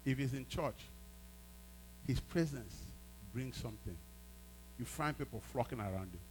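A man's voice: mid-range voice, lively intonation, moderate pace, a little hiss or hum, poor audio. A man preaching a sermon as a pastor, emphatic, repeating phrases and prompting his congregation.

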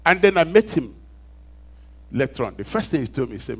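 A man with a Nigerian accent preaching a storytelling sermon, dropping to hushed asides and rising to loud emphatic calls, asking the congregation for responses. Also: medium pitch, big pitch swings, brisk, husky.

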